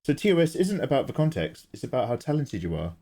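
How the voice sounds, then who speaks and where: A man's voice: mid-range voice, big pitch swings, fast, warm tone. A man chatting casually on his livestream while drawing, joking and bantering, with casual swearing.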